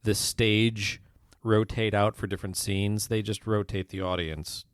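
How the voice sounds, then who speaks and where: Podcast cohost guy, lowish voice, lots of stammering restarts. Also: little pitch movement, unhurried, smooth, dry recording, clean studio sound. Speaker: podcast co-host. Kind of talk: casual chat.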